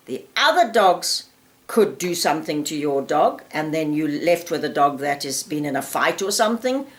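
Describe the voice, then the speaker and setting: A woman giving firm, practical advice on dog handling, acting out owners' lines in quick quotes. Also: lowish voice. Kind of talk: advice talk to camera.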